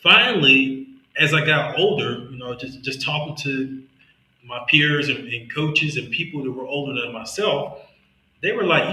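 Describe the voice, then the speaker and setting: A man's voice: mid-range voice, animated, normal speed, bright, forceful tone, echoey room, rough recording. A man from Mississippi with a Southern accent and a slight lisp, hosting a podcast in earnest, motivational casual conversation. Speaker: podcast host.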